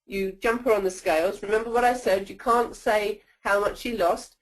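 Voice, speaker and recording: A woman's voice: medium pitch, steady tone, moderate pace, rough recording. Woman trainer leading a webinar, chatty coaching delivery, keeps checking in with listeners. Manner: coaching, checks in with "okay?" often. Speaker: sales trainer presenting a webinar.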